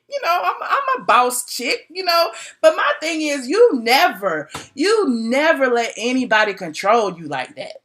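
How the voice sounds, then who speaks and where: Woman gossip blogger, fairly high, bright and forward tone, animated and chatty, self-recorded on a phone. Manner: animated, chatty storytelling with slangy asides. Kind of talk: casual live-stream gossip chat.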